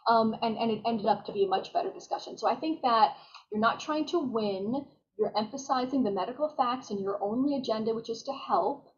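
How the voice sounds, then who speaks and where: A woman physician shares patient stories in a lively conversational way, often acting out her own lines. Her voice sits somewhat high. The recording is dull and lo-fi. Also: fairly quick. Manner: animated, quotes herself and patients. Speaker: physician guest. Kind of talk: conversational storytelling.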